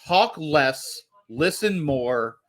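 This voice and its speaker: A man with a voice pitched a little above the usual, chatting loosely on a movie podcast. He rambles and drifts into jokes as he makes his point. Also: lively intonation, drawn-out words. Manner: rambling, jokey. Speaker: podcast co-host. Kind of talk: casual movie discussion.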